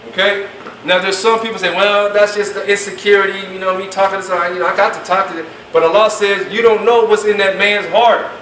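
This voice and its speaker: A man's voice: high-pitched, little pitch movement, fast, fairly bright tone. A man teaching a class, speaking emphatically and casually and acting out the things people say. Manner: emphatic, colloquial, acts out quoted speech. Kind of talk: classroom lecture. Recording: echoey room, mic at a distance, faint noise.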